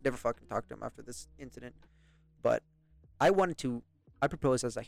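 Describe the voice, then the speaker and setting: A man's voice: medium pitch, lively intonation, quick pace, creaky, pauses often, dry recording, faint music behind. Laid-back British guy telling stories. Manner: rambling, profane, laughs often. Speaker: podcast host. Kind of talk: casual storytelling chat.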